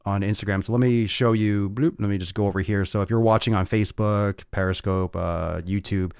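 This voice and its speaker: A man's voice: on the low side, fairly even intonation, a little fast, gravelly, a little mellow, clear, resonant tone, no echo, studio quality. A man hosting a livestreamed fitness podcast, talking in a brash, profane way straight to his viewers.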